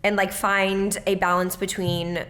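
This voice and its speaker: A woman's voice: medium pitch, measured pace. Friendly young woman podcast co-host. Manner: friendly, animated, lots of "like". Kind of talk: casual chat.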